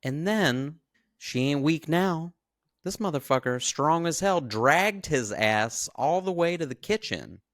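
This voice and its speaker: A man co-hosting a podcast, casually recapping a film in animated, profane storytelling. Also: a little high, measured pace, dry recording, studio quality. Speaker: podcast co-host.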